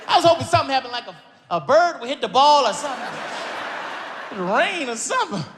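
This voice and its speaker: Guy doing standup, yelpy and animated, talks super fast, noisy live room. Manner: animated, yelping jumps in pitch. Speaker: stand-up comedian. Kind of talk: stand-up comedy storytelling. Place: comedy stage before a live audience. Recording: live stage audio with crowd noise.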